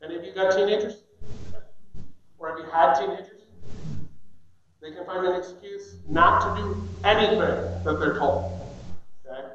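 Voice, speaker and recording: A middle-aged pastor delivering an animated sermon, acting out children's whiny excuses. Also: male voice, sits high, moderate pace, pauses often, slight background noise. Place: church sanctuary. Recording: echoey church sanctuary, dull sound.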